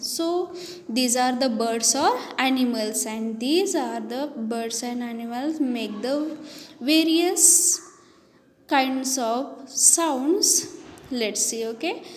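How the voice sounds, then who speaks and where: A woman's voice: high voice, takes it slowly. A woman teaching a children's lesson, spelling each word letter by letter before saying it. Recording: echoey room with long reverb, faint background noise.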